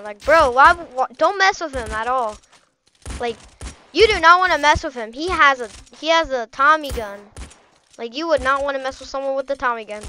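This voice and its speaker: Bright, high-voiced woman gamer chattering. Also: a little hiss or hum. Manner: excitable, chatty, rambling with frequent "like" and "bro". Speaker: gaming channel host. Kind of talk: live gameplay commentary.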